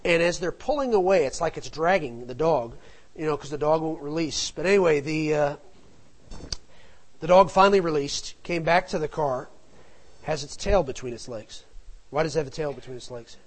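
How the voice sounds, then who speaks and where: A man's voice: on the high side, moderate pace, rough recording. Rambling middle-aged man telling a story. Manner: rambling, digressive, with frequent asides. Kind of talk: casual anecdotal storytelling.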